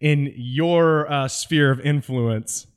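A man from California with a fairly high speaking voice, a veteran guest on a podcast. He tells his story animatedly, laughing often and slipping into the voices of the people in his anecdotes. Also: takes it slowly, smooth. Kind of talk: storytelling interview.

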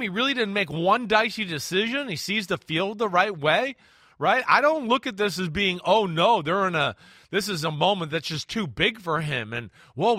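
A high-pitched man talks through football picks in a loose, animated way, often laughing and breaking off mid-sentence. His tone is bright and forward, and the sound is dry and close to the mic. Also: no room sound. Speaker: football analyst co-host. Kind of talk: casual sports picks chat.

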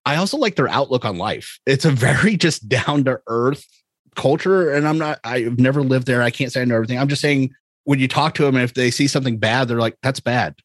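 A man's voice: medium pitch, a little fast, dry recording. A man from the United States co-hosting a podcast, chatting casually in a rambling, joking way and laughing often. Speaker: podcast co-host. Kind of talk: casual chat.

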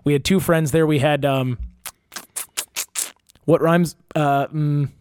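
Young man, casual storyteller, rambling and swearing, slightly high voice, dry close sound. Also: fairly even intonation, slow pace, a little mellow, clear, resonant tone, no room sound. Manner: rambling, profane, laughing, many fillers and restarts.

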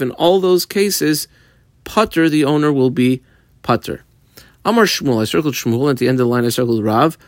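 A man teaching a Talmud page, explaining each Aramaic phrase in English in a steady teaching cadence. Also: mid-range voice, dry recording, studio quality. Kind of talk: daf yomi Talmud lesson.

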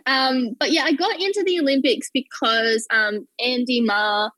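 A woman's voice: high voice, normal speed, a bit bright, no room sound, low-quality recording. A young Australian woman telling work stories as an interview guest, bubbly and often laughing, with lots of "like". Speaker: guest, journalist. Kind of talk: casual interview chat.

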